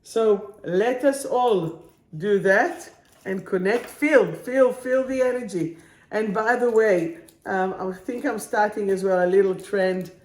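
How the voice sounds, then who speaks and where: Here another reading of affirmation cards unfolds on a live stream, delivered slowly and soothingly by a woman who works as a spiritual coach. She speaks at medium pitch with a slightly mellow quality, in an echoey room.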